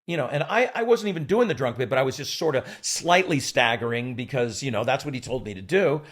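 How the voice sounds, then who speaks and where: Speaking briskly in an expressive, mid-range voice, an actor in his 60s shares a behind-the-scenes story as a guest in conversation, voicing the lines of the other people involved.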